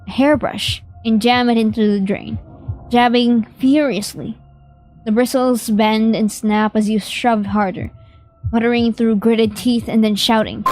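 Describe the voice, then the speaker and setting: A woman's voice: on the high side, darkish tone, rough recording. A young woman streamer reading a horror game aloud in vivid, dramatic narration. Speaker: gaming streamer.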